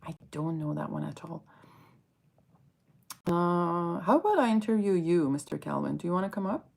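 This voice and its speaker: Woman, low voice, gravelly fry, casual livestream chat, reads and answers comments. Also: animated, moderate pace, a little mellow. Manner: chatty, reads out viewer comments and answers them. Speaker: fragrance livestream host. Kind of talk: casual live chat reading viewer comments.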